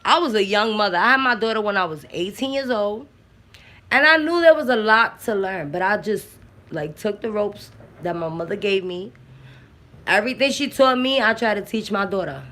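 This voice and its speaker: A woman from the Bronx, a mother and aunt talking bluntly about parenting, profane and animated. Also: mid-range voice, normal speed. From the Bronx, New York. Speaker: mother and aunt sharing opinions. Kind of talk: casual talk.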